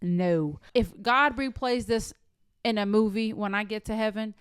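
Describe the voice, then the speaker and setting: A sassy, outspoken woman co-hosting a casual podcast, swearing freely and speaking her mind. Her voice is smooth and clear, recorded close and dry with no room sound. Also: mid-range voice, unhurried, dry recording. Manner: blunt, sassy storyteller who curses freely. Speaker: podcast co-host.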